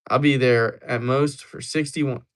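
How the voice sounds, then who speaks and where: A man's voice: mid-range voice, steady tone, a little slow. A young man hosting a livestream, chatting casually and joking as he answers viewers. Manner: joking, rambling replies to chat. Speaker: livestream host.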